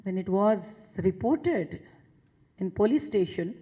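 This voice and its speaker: Emphatic husky Indian woman speaker. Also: on the high side, sing-song, normal speed, a little mellow, low-quality recording. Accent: Indian English. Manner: emphatic, repeats phrases for force. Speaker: public speaker addressing a session. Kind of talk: impassioned public talk.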